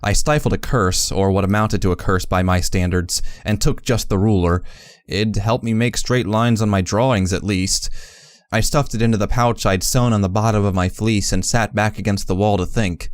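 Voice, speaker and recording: A man narrating a fan fiction audiobook in the first person, measured and reflective. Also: on the low side, fairly even intonation, no echo, clean studio sound.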